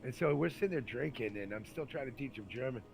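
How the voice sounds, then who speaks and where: A man's voice: mid-range voice, animated, fast talker, gravelly, noisy background. A man from California telling rowdy army stories in casual, profane chat. He acts out the people in his stories and talks with plenty of fillers. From Santa Rosa, California, USA. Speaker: storyteller recalling army days.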